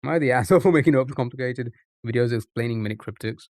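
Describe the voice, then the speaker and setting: A man streaming from home, talking through his thoughts in a rambling, repetitive way. He speaks at a mid pitch, and the sound is close and dry with no room echo. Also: rapid-fire, darkish tone. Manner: rambling, thinks aloud, repeats phrases. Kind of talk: casual live-stream chat.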